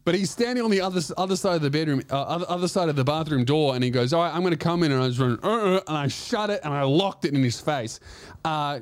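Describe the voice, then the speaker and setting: Animated storytelling man. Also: a little high, no room sound. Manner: animated, swears, acts out quoted voices. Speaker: podcast host telling a story. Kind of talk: comedic storytelling.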